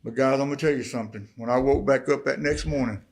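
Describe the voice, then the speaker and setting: A middle-aged Arkansas man with a mid-range, darkish voice and vocal fry talks fast on a rough recording. As a guest speaker at a church service, he tells his life story in a folksy testimony that swells into impassioned preaching.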